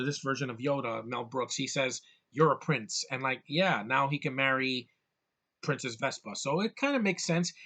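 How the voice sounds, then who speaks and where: A man's voice: mid-range voice, bright, forceful tone. Rambling sarcastic man reviewing a movie. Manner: rambling, sarcastic, with many restarts. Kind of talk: casual movie review rant.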